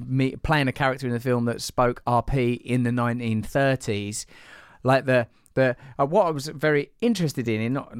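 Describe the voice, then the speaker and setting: A man's voice: medium pitch, no echo, studio quality. A man hosting a casual conversation, curious and rambling, full of fillers and restarts.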